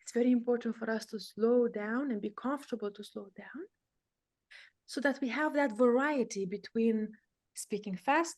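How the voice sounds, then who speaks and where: Speaking at normal speed in a fairly high voice with a darkish tone, a woman runs a live voice-coaching session. She stresses every point and changes her delivery to show examples.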